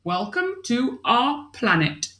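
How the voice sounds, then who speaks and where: Cheeky, hungry aliens who talk about eating with a sly relish, as a woman reading aloud puts them on. The voice is slow and lively, rising and falling a lot. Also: on the high side, echoey room, voice pushed up, exaggerated voice. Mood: greedy.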